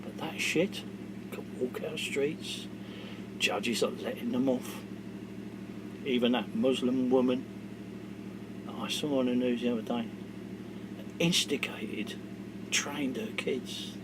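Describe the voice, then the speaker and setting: A middle-aged man, ranting to camera in an angry monologue that swings from low mutters to shouting. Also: expressive, unhurried, long pauses, noisy background. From England. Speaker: vlogger.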